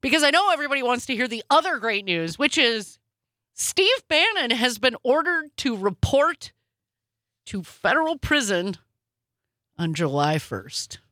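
A woman co-hosting a casual news chat, sarcastic and quick with asides. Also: on the high side, sing-song, sharp tone, no echo, clean studio sound. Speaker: podcast co-host.

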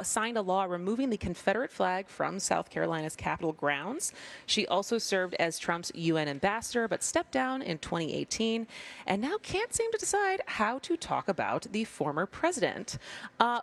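A woman hosting a casual talk show, reading out candidate profiles with light jokes and frequent laughter. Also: medium pitch. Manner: reads candidate bios, laughs often. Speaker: show host. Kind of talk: casual political chat.

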